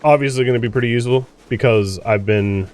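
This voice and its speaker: A man's voice: mid-range voice, quick pace, darkish tone. A man hosting a let's play, chatting casually through gameplay, exclaiming and grumbling at the game.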